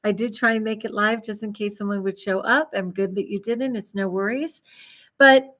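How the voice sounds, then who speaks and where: A woman's voice: medium pitch, steady tone, normal speed, a bit bright. Chatty middle-aged woman, laughing often. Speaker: vlogger. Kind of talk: casual livestream chat.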